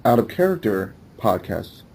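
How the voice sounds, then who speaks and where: A man's voice: fairly low pitch, very animated, moderate pace, creaky, a little mellow, a little hiss or hum, low-quality recording. A man hosting a podcast in a loose, rambling casual chat with many fillers. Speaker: podcast host.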